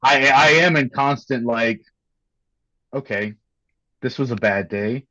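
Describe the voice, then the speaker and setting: A man talking candidly as a podcast guest, earnest and halting, often repeating words. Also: mid-range voice, pushed and bright, no room sound, lo-fi sound. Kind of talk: candid conversation.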